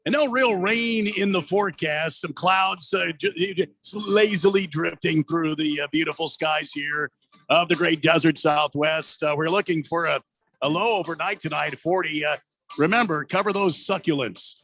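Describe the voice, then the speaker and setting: A man putting on a pompous adult male TV weatherman, with a gravelly, hammy announcer delivery. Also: on the high side, moderate pace, pushed and bright, exaggerated voice. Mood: grandiose. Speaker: co-host.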